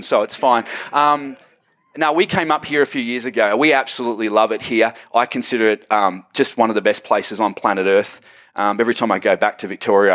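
Joking Australian pastor preaching. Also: male voice, mid-range voice. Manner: joking, lively and direct with the congregation. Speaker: guest pastor. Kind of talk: sermon. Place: church auditorium.

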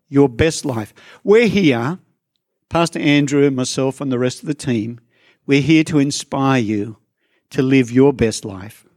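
A man's voice: mid-range voice, no room sound, studio quality. A man preaching a sermon to a church congregation, talking conversationally with asides to people in the room. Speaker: pastor.

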